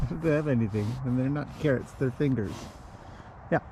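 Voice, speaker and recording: A man's voice: medium pitch, normal speed, noisy background. Chatty man vlogging outdoors with horses. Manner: chatty, greets animals in a lifted sing-song voice. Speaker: horse trainer and owner. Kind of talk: casual walk-and-talk vlog.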